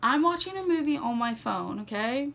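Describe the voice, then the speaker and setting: A woman's voice: fairly high pitch, lively intonation, moderate pace, vocal fry, fairly bright tone. A young woman telling a story to her vlog viewers in a chatty, casual way, full of "like" and "okay". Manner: chatty, says "like" and "okay" a lot. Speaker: vlogger.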